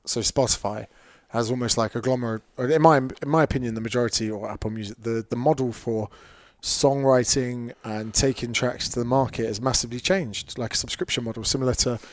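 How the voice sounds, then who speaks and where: A man's voice: mid-range voice, steady tone, brisk, hardly any pauses. A man hosting a podcast, throwing in joking asides and asking long, rambling questions. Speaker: podcast host. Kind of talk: casual interview chat.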